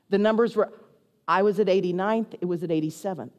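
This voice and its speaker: A middle-aged woman pastor, telling a lively, self-mocking story as part of a sermon. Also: medium pitch, brisk. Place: church sanctuary. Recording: long hall reverb.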